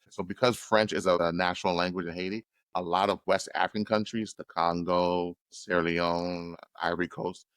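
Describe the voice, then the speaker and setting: A man hosting a podcast, asking searching questions in a relaxed conversational way with many restarts. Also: low voice, dry recording. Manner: warm, probing questions with frequent restarts. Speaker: podcast host. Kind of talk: casual interview chat.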